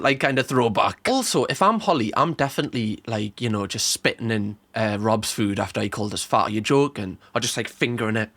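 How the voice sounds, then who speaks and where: A young man giving casual, cheeky reaction commentary, sarcastic and quick to swear. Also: mid-range voice, a bit bright. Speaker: reaction video host.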